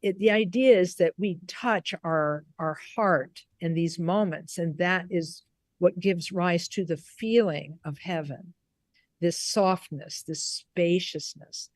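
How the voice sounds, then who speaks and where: A woman Buddhist teacher telling a story on a video call, unhurried and given to restarts and repeated words. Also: fairly low pitch, no room sound, studio quality. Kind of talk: storytelling in a recorded conversation.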